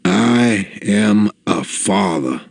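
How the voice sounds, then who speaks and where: A man voicing his dying elderly father, who speaks slowly and shakily, gruff and teasing yet worried for his son. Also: lowish voice, no echo, heavily acted. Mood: earnest. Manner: slow, shaky, halting delivery.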